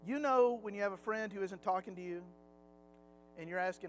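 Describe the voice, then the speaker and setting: A middle-aged man with a notably high voice leads a relaxed Sunday Bible lesson in a church classroom. He talks in a chatty, anecdotal way, and a faint hum of music sits under his voice. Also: fairly quick, pauses often, low-quality recording. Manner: chatty, anecdotal, slips into acted quotes.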